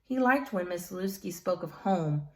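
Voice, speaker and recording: Female storyteller, warm expressive read-aloud of a children's novel. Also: fairly low pitch, normal speed. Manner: expressive, chats to listeners between passages. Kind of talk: reading a children's chapter book aloud.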